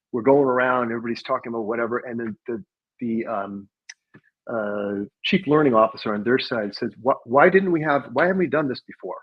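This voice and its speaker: Guy w a husky voice, chill reflective podcast guest, kinda dull lo-fi audio. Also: mid-range voice. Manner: reflective, laughs while telling stories. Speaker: podcast guest, sales leader. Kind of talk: casual conversational storytelling.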